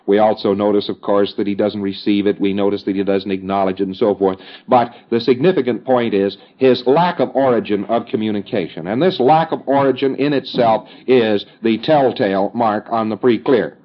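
A man's voice: fairly low pitch, moderate pace, hardly any pauses, highs cut off. A man giving a recorded instructional lecture in a conversational, emphatic way, with folksy asides and fillers.

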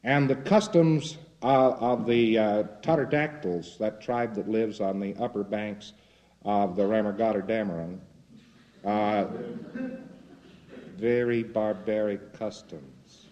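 A man's voice: lowish voice, slow, a little mellow, lo-fi sound. A man from the United States giving a lecture in a folksy, wry way with jokey asides.

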